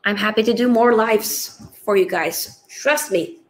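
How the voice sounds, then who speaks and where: A woman's voice: mid-range voice, measured pace, poor audio. A woman hosting a live football watchalong, chatting casually and reading out viewer comments, tired after a long stream. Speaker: livestream host.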